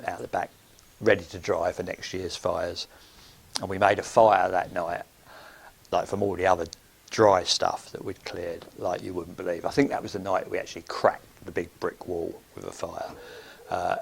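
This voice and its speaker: Man, middle-aged, husky, rambling podcast storyteller. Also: low-pitched. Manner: rambling, chatty, with many ums and "sort of". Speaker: podcast host. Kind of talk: anecdotal storytelling.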